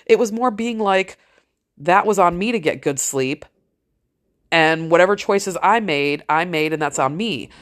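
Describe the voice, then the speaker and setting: A middle-aged woman with a medium-pitched, expressive voice speaks briskly in a casual monologue. She's frank and blunt, rambling in a motivational way and swearing heavily as she addresses her listeners.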